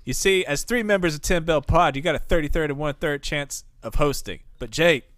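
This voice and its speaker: A brash, muscle-bound wrestler barks a boastful promo, as a man hams it up, stacking numbers with swagger. The voice sits a bit high for a man and sounds dry and close, with no room around it. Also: a little fast, no echo, close to an everyday voice. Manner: boastful, loud, rattling off math.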